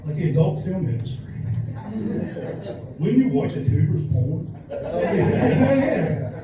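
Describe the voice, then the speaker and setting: A man's voice: sits high, sing-song, slow pace, dull audio, noisy background. A man doing a crude, rambling, self-mocking stand-up comedy set. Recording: distant echoey club recording.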